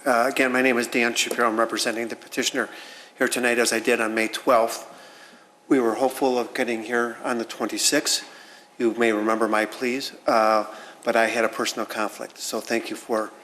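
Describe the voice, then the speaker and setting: A man presenting as the petitioner's attorney at a public hearing, speaking in a measured way with many fillers. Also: medium pitch, level tone, pushed and bright. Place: village council chamber. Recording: roomy hall with faint noise.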